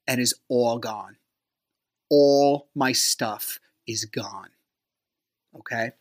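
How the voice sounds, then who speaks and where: A man hosting a podcast, telling a personal story in a casual, conversational way. He fills his talk with fillers, sounds wry and exasperated, and acts out quoted dialogue with big jumps in pitch. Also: bright, forceful tone. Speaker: podcast host.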